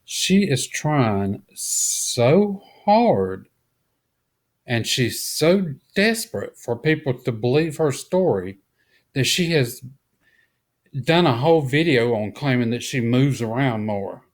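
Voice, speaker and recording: A man's voice: mid-range voice, expressive, slow. A man with a Southern US accent giving blunt, mocking reaction commentary. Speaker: commentary host.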